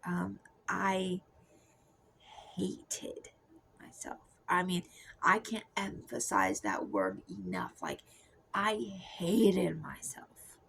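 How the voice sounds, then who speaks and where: Soft-spoken woman with vocal fry. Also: lowish voice, very animated, slow pace, low-quality recording. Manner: soft confessional, often drifting into a whisper. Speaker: Christian testimony speaker. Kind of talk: personal testimony monologue.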